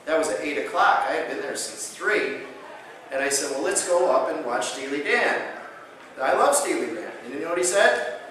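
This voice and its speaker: A man lecturing as a chiropractor at a conference, telling a patient story with lively acted-out quotes. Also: normal speed, a little hiss or hum. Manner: animated storyteller, acts out quotes with big pitch jumps. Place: conference hall. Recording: very echoey hall, voice from far off.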